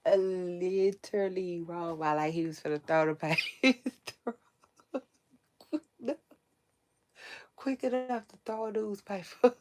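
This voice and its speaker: A woman's voice: mid-range voice, gravelly, darkish tone. A woman hosting a celebrity gossip livestream, talking casually and rambling to her viewers with frequent laughs. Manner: chatty, drawn-out, rambling with laughs. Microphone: livestream setup.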